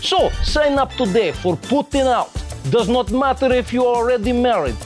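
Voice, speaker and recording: A man's voice: lively intonation, moderate pace, over music. A man putting on a pushy Russian ad announcer. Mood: bombastic. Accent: mock Russian. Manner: broken English, booming sales pitch. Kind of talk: parody commercial.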